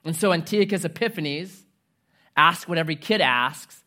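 A man preaching a sermon, telling a story in a conversational, animated way with humorous asides. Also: on the high side, normal speed. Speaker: pastor.

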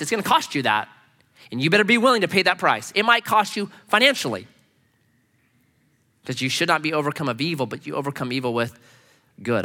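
Animated male preacher in a reverberant hall. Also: a little high, brisk. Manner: animated, acts out quoted speech, casual slangy asides. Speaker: pastor. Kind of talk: sermon. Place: church sanctuary. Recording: long reverb of a church hall.

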